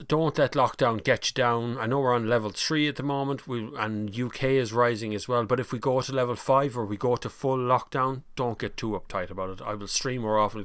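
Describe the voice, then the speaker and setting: A middle-aged Irish man chats casually on a live stream, rambling between topics and calling out viewers by name. His voice sits at an ordinary middle pitch. The sound is dry and close, with no room echo. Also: fairly bright tone. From Ireland. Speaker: livestream host.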